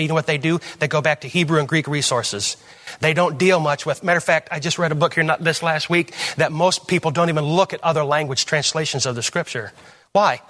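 Preacher with rhetorical questions. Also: male voice. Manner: conversational, rhetorical questions, jumps between loud emphasis and low asides. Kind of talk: sermon teaching. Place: church.

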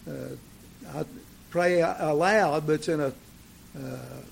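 A man preaching a sermon, swinging between emphatic declarations and relaxed, folksy storytelling with plenty of fillers. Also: fairly high pitch, slow pace, creaky, slight background noise.

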